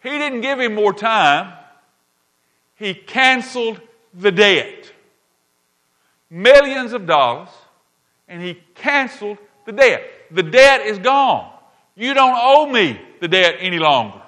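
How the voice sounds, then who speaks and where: A pastor with a high, very animated, somewhat bright voice preaches slowly, pausing often. He retells a parable emphatically, repeating key lines and frequently checking in with listeners by asking "all right?"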